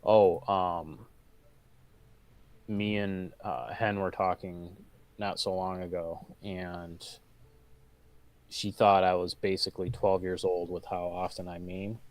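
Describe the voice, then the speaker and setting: Man, Michigan accent, very low voice, easygoing chat, amused tone. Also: flat delivery, slow, long pauses, a little mellow. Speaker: guest. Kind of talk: casual chat while gaming.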